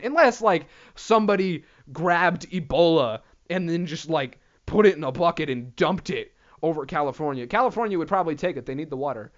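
A man's voice: a little high, lively intonation, a little fast, few pauses. A young man hosting his own show in a profane, rambling, self-deprecating solo rant. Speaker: podcast host. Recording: dull lo-fi recording.

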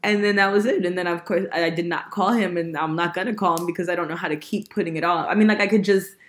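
Casual young woman telling stories, slightly low. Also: fast. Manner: animated storyteller, laughs often, swears casually. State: sick. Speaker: podcast host. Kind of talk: casual chat.

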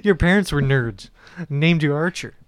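A man's voice: fairly high pitch, animated, normal speed, slight background noise. A man co-hosting a comedy podcast who laughs often while riffing on crude jokes. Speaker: podcast co-host.

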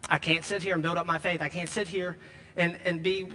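A man preaching a sermon, emphatic, repeating key lines and slowing down to stress them. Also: high voice, level tone, bright, forceful tone, long reverb tail. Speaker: pastor.

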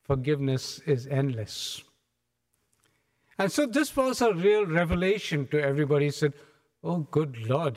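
Brief: male preacher, animated storyteller, fairly high voice, church with a long echo. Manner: animated storytelling, acts out scenes. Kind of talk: sermon. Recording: echoey hall.

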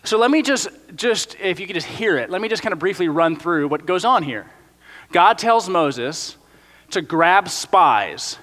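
Brief: young male pastor, high bright voice, hall reverb, chatty sermon style. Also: measured pace. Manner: casual, animated storytelling with frequent "like".

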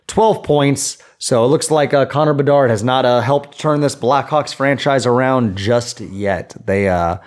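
A man co-hosting a sports podcast in casual chat, rambling with lots of fillers. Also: mid-range voice. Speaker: podcast co-host.

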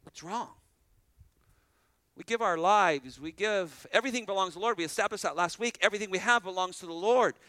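A man preaching a sermon as pastor, animated, repeating phrases and restarting lines as he drives each point home. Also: high-pitched, fairly quick, no echo.

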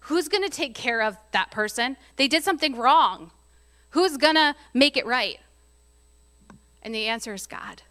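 A woman's voice: sits high, expressive, moderate pace, a bit bright. A woman preaching a casual, conversational sermon, often laughing and reading scripture aloud.

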